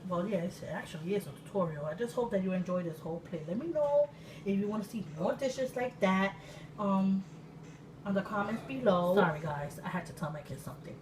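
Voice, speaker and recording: A woman from Puerto Rico in her thirties, an excitable, chatty cooking-channel host with sudden loud exclamations and laughter, talking casually in her home kitchen. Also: medium pitch. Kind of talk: casual cooking vlog chat. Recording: distant mic with room noise.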